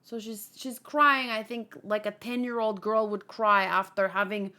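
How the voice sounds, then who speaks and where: A woman's voice: medium pitch, fairly even intonation, measured pace, bright, forceful tone. A woman hosting a manga read-along, reading a comic aloud and adding emotional, rambling commentary.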